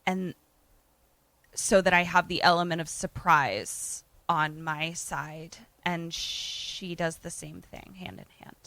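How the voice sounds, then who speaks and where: A woman's voice: lowish voice, takes it slowly, bright, forceful tone, slight background noise. A young woman co-hosting a podcast, reacting playfully and gaming out what she would do. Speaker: podcast co-host. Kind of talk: casual chat.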